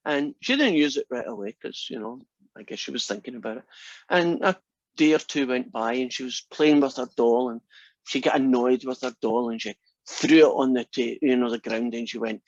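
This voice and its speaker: A man's voice: medium pitch, fairly quick, no echo. Rambling man telling a story. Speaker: college math instructor. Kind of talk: anecdote told in class. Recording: dull, dry lo-fi classroom recording.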